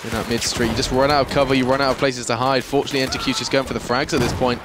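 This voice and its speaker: Fast-talking man calling a game. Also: medium pitch, noisy background. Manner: excitable, quick, joking banter. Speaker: esports commentator. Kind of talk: live play-by-play commentary. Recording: game gunfire loud behind voice.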